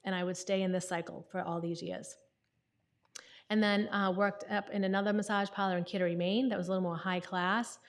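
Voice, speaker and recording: A woman's voice: mid-range voice, level tone, fairly quick. A woman, speaking candidly at a conference and often checking in with the audience. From New England. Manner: candid, conversational, often asks "right?". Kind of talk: personal testimony talk.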